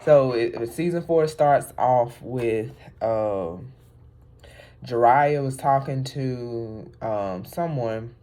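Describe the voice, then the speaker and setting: A woman vlogger chatting casually about an anime, animated and rambling, with many fillers and laughs. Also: rumbling low, extremely slow. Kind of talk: casual chat.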